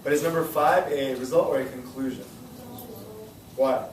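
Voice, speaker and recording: A young male high school science teacher leading a classroom lesson, energetic and repeating his questions to the students. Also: moderate pace, a little hiss or hum. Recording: echoey classroom from far off.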